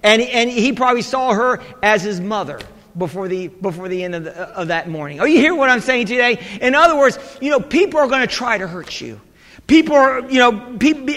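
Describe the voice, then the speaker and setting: Male pastor, sermon, very high bright voice, emphatic, church hall reverb. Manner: emphatic, repeating "amen" to the congregation.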